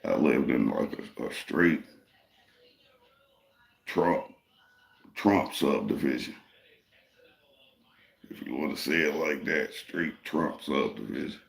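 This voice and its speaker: A deep, gravelly man tells a long story in a loose, profane, streetwise way. His voice rings a little in an echoey room. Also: slow, long pauses. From Detroit, Michigan. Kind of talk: casual storytelling.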